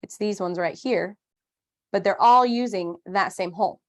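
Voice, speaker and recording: A woman's voice: mid-range voice, moderate pace. A woman in her thirties teaching a live online craft class, chatty and upbeat with playful asides.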